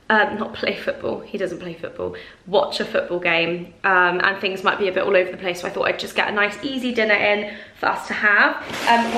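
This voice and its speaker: A woman's voice: on the high side, roomy sound, background noise. A young woman chatting casually to camera as a vlogger, rambling with plenty of fillers. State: out of breath. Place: small flat kitchen, indoors.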